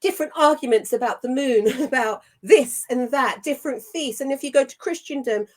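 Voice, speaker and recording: A middle-aged woman co-hosting a Christian show, speaking earnestly and with indignant emphasis. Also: high-pitched. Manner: emphatic and indignant, with measured phrasing. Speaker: co-host of a Christian online show. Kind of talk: earnest spiritual talk.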